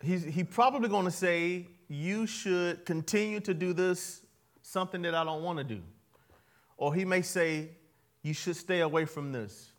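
A man preaching a sermon, leading the congregation in call-and-response, moving between soft asides and loud emphatic lines, laughing at his own jokes. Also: high-pitched, normal speed. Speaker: pastor.

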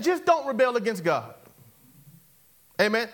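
A man's voice: sits high, sing-song, normal speed, long pauses, fairly bright tone. A male preacher giving a sermon, leading call-and-response with the congregation and repeating catchphrases as he exhorts them. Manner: exhorting, repeats catchphrases, chuckles between points.

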